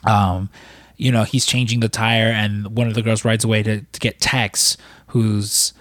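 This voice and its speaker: A man's voice: lowish voice, little pitch movement, measured pace, a bit bright, no echo, clean studio sound. A man recapping a film in casual, rambling talk, full of fillers and swearing. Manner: rambling, profane, lots of fillers. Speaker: podcast co-host.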